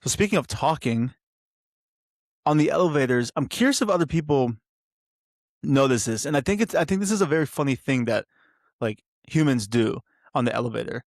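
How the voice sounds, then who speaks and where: A man's voice: medium pitch, lively intonation, a little fast, pauses often, dry recording, clean studio sound. A young man hosting a solo podcast, rambling and interrupting himself with lots of fillers. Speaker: podcast host.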